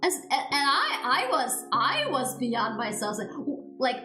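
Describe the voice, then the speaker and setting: A woman's voice: high voice, very animated, unhurried, bright, forceful tone. A woman streamer in casual chat, ranting and swearing in exasperation. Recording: roomy echo with background music. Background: background music.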